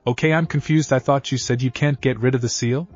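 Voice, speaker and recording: A man reading the lines of a volatile young kunoichi woman, slightly raised in pitch. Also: fairly even intonation, a little fast, lo-fi sound, soft background music, natural voice. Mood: upset.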